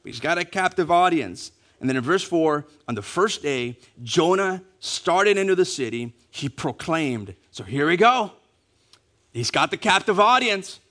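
A man preaching a sermon, acting out quotes and dropping to a hush on key words, asking the congregation to repeat after him. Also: on the high side, measured pace. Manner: animated, acting out quotes, dropping to hushed emphasis; repeats key phrases, asks congregation to say it along. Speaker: pastor.

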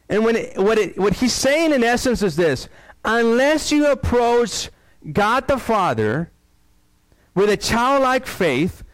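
A man's voice: sits high, no echo, low-quality recording. Conversational man preaching a sermon. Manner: conversational preaching with short repeated phrases and self-deprecating asides. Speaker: pastor.

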